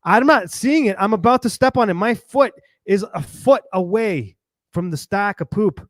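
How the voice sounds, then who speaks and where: A man hosting a podcast, telling a rambling, lively story and acting out the voices of people he met. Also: high-pitched, moderate pace, no echo, studio quality. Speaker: podcast host. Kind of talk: animated storytelling monologue.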